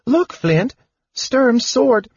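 A man voicing a cheerful, excitable young male kender with a high, eager voice. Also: very slow, breathy edge, highs cut off, heavily acted.

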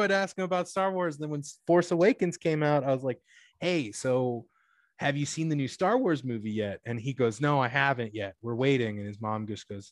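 Chatty young man telling cashier stories. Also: no room sound. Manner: rambling, many "like" fillers and self-corrections; acts out quotes with jumps in pitch and laughs. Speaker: podcast guest telling work stories; retail cashier. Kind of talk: casual storytelling chat.

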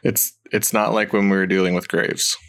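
A man at a tabletop game with a low voice full of gravelly fry. He talks bluntly, pushes back on the others and drops a swear now and then. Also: level tone, a bit bright. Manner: blunt, swearing, quick to object. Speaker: player. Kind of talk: casual tabletop chat.

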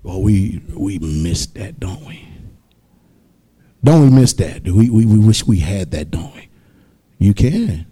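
A man's voice: fairly low pitch, very animated, takes it slowly, long pauses, breathy edge. Preaching man with a drawl. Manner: preaching, swinging from loud exhortation to soft asides. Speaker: pastor. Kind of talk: sermon. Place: church.

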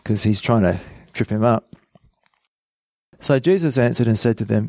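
Gravelly low-voiced man preaching. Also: normal speed, pauses often, darkish tone, no echo, clean studio sound. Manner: reads scripture aloud and explains it plainly, with fillers. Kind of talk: Bible teaching sermon.

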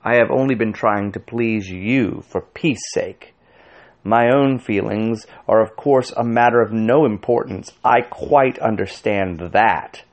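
A man's voice: fairly low pitch, unhurried. A man doing a stiffly dignified martyr. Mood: wounded dignity. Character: dignified, self-pitying man, wounded pride.

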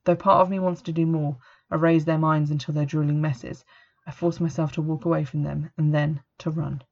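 A woman reading a first-person story as narrator, in a steady, even manner, on a dull lo-fi recording. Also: sits low, normal speed, creaky. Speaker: audiobook narrator.

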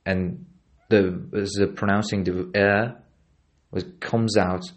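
A man with a deep voice hosts a solo podcast lesson on pronunciation. He speaks slowly and hesitantly, pausing often and repeating each example word several times to demonstrate it. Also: level tone. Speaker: podcast host teaching pronunciation.

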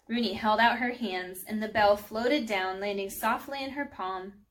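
A woman reading a children's storybook aloud in a gentle, friendly way, speaking to young listeners. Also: medium pitch, unhurried, a little hiss or hum. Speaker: children's book reader.

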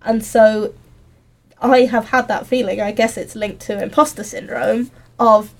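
A woman's voice: a little high, fairly even intonation, unhurried, vocal fry. A woman doing a PhD in history, talking thoughtfully in a casual group chat and laughing easily.

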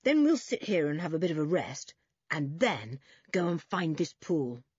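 A sensible older boy speaks firmly and evenly in a breathy, dry voice, as a woman reads him. The recording is dull and lo-fi. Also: deep voice, sing-song, a little mellow, no echo, exaggerated voice. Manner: firm, measured.

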